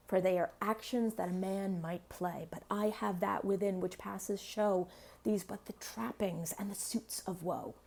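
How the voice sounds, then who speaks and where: A woman's voice: medium pitch, mellow. A woman reading the verse of a grieving young prince, bitter and defiant, in an earnest recitation.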